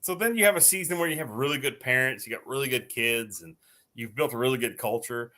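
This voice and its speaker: A man hosting a casual live stream, chatting with co-hosts and telling lively stories with plenty of laughter. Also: medium pitch, fast talker. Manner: animated storyteller, laughs often.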